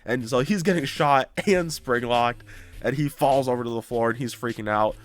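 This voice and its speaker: A YouTuber casually recapping a story, animated and acting out the characters' lines. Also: male voice, mid-range voice, normal speed.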